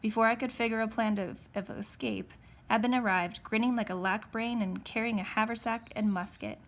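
A woman teacher reading a novel aloud, steady with occasional slips and self-corrections. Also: on the high side, normal speed.

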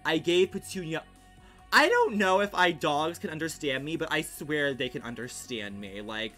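Streaming from home, a young man casually recounts a story in a quick, lively rush full of filler words and curses. His voice sits on the high side, and soft music plays behind him.

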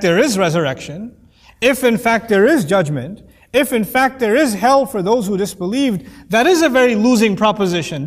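High-voiced man teaching in a reverberant hall. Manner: conversational and joking, acts out quoted voices. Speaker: Quran teacher. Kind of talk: lecture-style Quran commentary.

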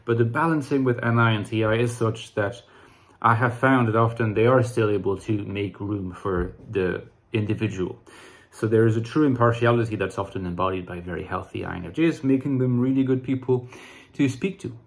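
Male channel host, solo explainer; measured, thoughtful delivery with the odd restart. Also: on the low side. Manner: measured, reflective, with occasional restarts.

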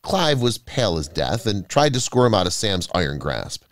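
Man, scripted story narration, dramatic, wide-ranging pitch, dry close sound. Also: very animated, moderate pace, no echo.

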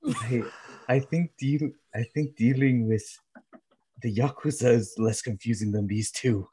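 A man's voice: medium pitch, steady tone, measured pace, warm tone, husky. A man playing a tabletop role-playing game, speaking in character with dry questions. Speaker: player. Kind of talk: casual in-character banter.

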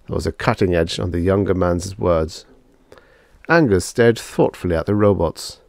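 Guy reading old sci-fi aloud, lowish voice, super lively delivery, dead dry sound. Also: moderate pace, vocal fry, no echo. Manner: expressive storytelling. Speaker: audiobook narrator. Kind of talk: scripted narration.

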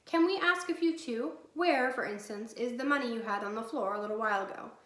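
A woman reading aloud as a blustering grown male burglar, bossy and loud. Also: on the high side, brisk, lightly acted. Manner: gruff, bossy then pleading. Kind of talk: storybook reading. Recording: echoey room.

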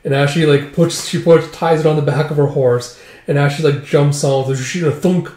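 Man casually retelling a comic, mellow. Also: on the high side, steady tone, normal speed. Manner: rambling, filler-heavy with "like" and "uh". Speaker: manga recap reader. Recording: roomy echo.

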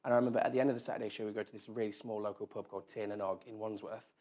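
Husky-voiced man telling rambling stories. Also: fairly low pitch, little pitch movement, rapid-fire, a little mellow. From England. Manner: rambling, self-deprecating, lots of "like". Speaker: interview guest. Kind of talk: casual storytelling chat. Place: event room with live audience.

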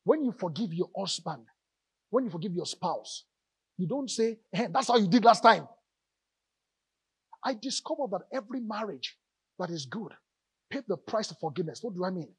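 A male pastor preaching a lively sermon in church, calling out to the congregation and joking between points. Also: high voice, brisk, breathy edge, dry recording. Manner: animated preaching with audience call-outs and jokes.

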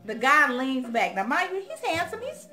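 A woman's voice: high-pitched, wildly swooping pitch, normal speed, pushed and bright, faint music behind. A young woman hosting her own channel, talking straight to the viewers in a casual, outspoken chat and telling stories with a lot of animation. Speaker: vlog host.

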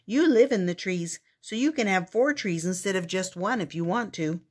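A woman's voice: medium pitch, moderate pace, natural voice. Older woman voicing a patient, brave young girl. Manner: firm, patient, explaining. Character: brave, kind young girl standing up to trolls.

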